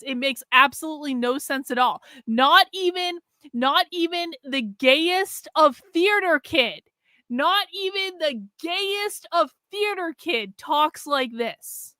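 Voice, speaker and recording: A woman's voice: sits high, animated, takes it slowly, bright, forceful tone, dry recording, studio quality. A woman co-host in casual commentary, emphatic and exasperated, swearing and filling with "like".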